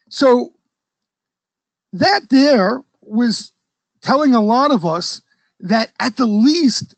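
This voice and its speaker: Host: high-pitched man, casual trading commentary, keeps asking "okay?", dry close sound. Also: no echo, rough recording. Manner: conversational, frequent "okay?" checks, loose trader slang. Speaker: stock trading educator and host. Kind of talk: casual market commentary to a live audience.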